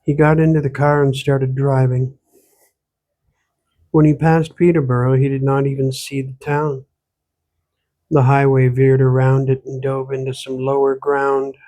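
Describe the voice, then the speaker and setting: A man, the author, reading his own gothic horror novel aloud in steady, measured storytelling. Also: medium pitch. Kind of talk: audiobook narration.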